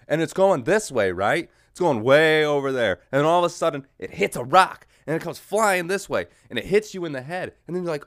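A man hosting a solo podcast, rambling through a comedic monologue, losing his train of thought and jumping into yelled mock voices. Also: a little high, lively intonation, fairly quick, few pauses, no echo, studio quality. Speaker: podcast host.

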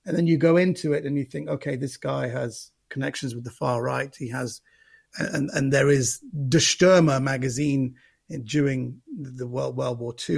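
Gravelly comedian, husky voice. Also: male voice, mid-range voice. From Central London. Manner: thoughtful, repeats words while gathering thoughts. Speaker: stand-up comedian guest. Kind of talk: casual interview chat.

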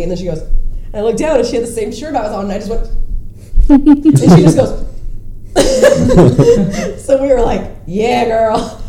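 A woman co-hosting a casual podcast, chatting in a relaxed way. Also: medium pitch. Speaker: podcast co-host. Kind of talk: casual chat. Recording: roomy with faint noise.

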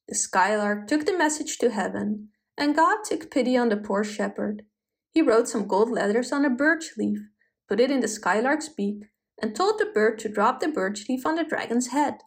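A woman narrating a folk tale in an expressive, dramatic storybook style. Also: fairly high pitch, normal speed.

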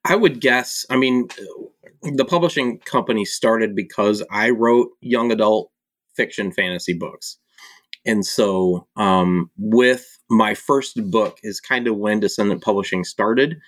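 A man from Michigan, an author and publisher, chatting casually as a podcast guest and laughing at himself between halting fillers. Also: lowish voice, fairly bright tone, dry recording. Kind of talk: casual conversation.

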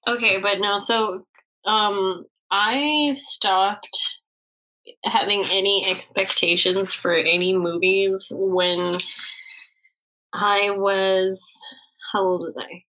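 A woman's voice: medium pitch, fairly even intonation, takes it slowly, pushed and bright, rough recording. A young woman co-hosting a podcast, rambling in casual chat, swearing and laughing often. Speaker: podcast co-host.

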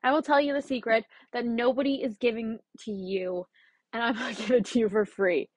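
A young adult woman hosting her own podcast, talking in a chatty, blunt and animated way, with the odd swear word. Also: a little high, a little fast, no echo. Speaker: podcast host. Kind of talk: casual solo podcast monologue.

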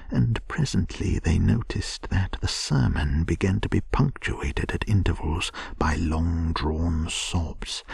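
A man softly whispering a soothing bedtime story as storyteller. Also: sits low, gravelly, slightly rough, dry recording, clean studio sound.

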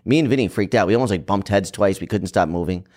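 A man's voice: low voice, quick pace, darkish tone. A man co-hosting a podcast, chatting eagerly and laughing easily. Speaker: podcast co-host. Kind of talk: casual chat.

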